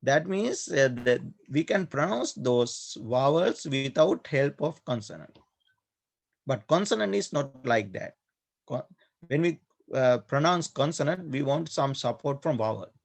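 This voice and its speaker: Slow, gravelly-voiced monk teaching grammar. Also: male voice, mid-range voice, lively intonation. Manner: slow, repetitive, hesitant with many fillers. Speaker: Pali teacher, Buddhist monk. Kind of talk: online class lecture.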